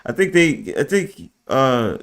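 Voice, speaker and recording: A man's voice: medium pitch, big pitch swings, slow, fairly bright tone. A man chatting casually on a livestream panel, laid-back and profane, laughing easily. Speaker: panel guest.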